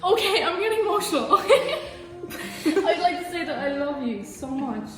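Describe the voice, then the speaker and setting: An Irish girl in her late teens chats with friends, giggly and emotional. Her voice sits high and swoops about. She sounds a little far from the mic in an echoey room, with loud music underneath. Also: big pitch swings, unhurried. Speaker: graduating student. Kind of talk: casual chat with friends.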